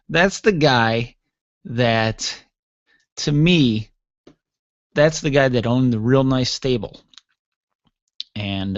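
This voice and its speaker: A man's voice: mid-range voice, creaky, no echo, lo-fi sound. A man hosting his own podcast from a basement studio, rambling casually with jokey asides and yawning from tiredness. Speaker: podcast host. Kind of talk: casual solo podcast talk.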